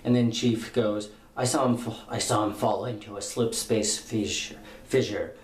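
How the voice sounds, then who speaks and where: A man's voice: lowish voice, steady tone, normal speed, slight background noise. A young man giving a casual, rambling spoken review of a comic book, retelling the dialogue in slangy paraphrase with lots of fillers. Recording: echoey room with faint ambience.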